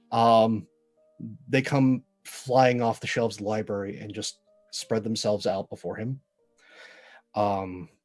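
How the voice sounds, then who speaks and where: Slow-talking man playing a tabletop game. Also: lowish voice, a little mellow. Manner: slow, hesitant, with fillers. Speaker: player. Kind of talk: tabletop role-play.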